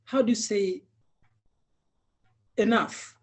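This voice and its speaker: Slow, patient male teacher. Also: high-pitched, steady tone. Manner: patient, repeats words many times, chuckles often. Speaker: Swahili teacher. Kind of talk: language lesson drilling.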